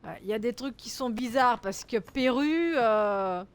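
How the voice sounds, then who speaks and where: Female streamer: high voice, joking and cursing, casual game commentary. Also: expressive, moderate pace, clear, resonant tone. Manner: jokey, swearing, thinking aloud. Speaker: let's-play streamer.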